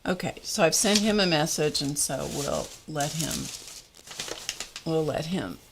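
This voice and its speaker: A middle-aged woman hosts a live craft tutorial in a low, comfortable voice. She chats along casually and reads her viewers' comments back to them. Faint static hums under her words. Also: very animated, unhurried, gravelly. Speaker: craft show host.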